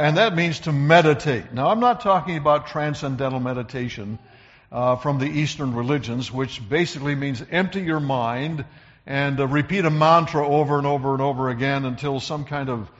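A man's voice: mid-range voice, normal speed, in a large hall, lo-fi sound. A man preaching a sermon in an earnest, emphatic way, often repeating words as he builds a point. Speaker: pastor.

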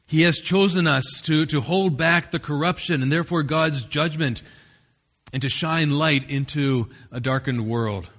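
A man's voice: fairly high pitch, fairly bright tone. A man, the pastor, preaching a sermon in an earnest, emphatic way, restarting phrases now and then.

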